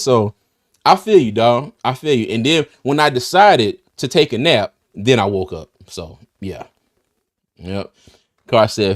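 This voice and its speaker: A man's voice: mid-range voice, sing-song, a little slow. Laughing man hosting a livestream. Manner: loose, laughs often, restarts and trails off. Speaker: host of a live draft-night stream. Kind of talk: casual livestream chat.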